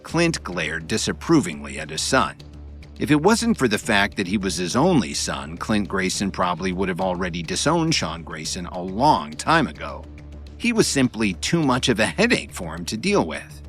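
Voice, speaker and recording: A man narrates an audiobook in a lowish voice with very lively, expressive intonation. He tells the story with dramatic flair while faint music plays underneath. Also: moderate pace. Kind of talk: audiobook narration of a web novel.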